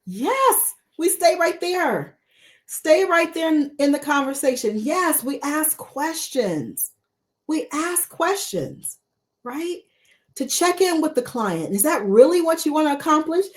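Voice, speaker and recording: A woman's voice: sits high, very animated, takes it slowly. A woman mentor coach teaching a live-streamed coaching lesson, repeating rhetorical questions to her viewers.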